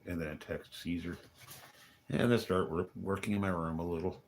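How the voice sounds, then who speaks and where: A man's voice: sits low, fairly even intonation, normal speed, a little hiss or hum. A man rambling through a casual livestream monologue, wry and grumbling, muttering asides and chuckling to himself. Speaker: livestreaming vlogger. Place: hotel.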